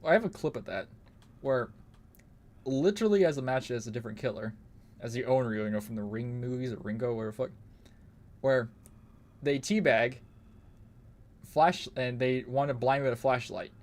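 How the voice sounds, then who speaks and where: A man's voice: mid-range voice, moderate pace, long pauses, darkish tone. A young man streaming a game, chatting casually while he plays, rambling and swearing freely. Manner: rambling, profane, laughs often. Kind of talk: casual gaming commentary.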